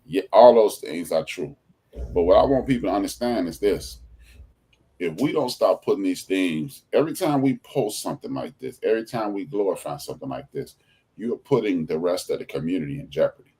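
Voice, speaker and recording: Husky, lively Chicago podcast host. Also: male voice, low voice, a little fast. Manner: animated storytelling with quoted voices. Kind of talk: casual podcast chat.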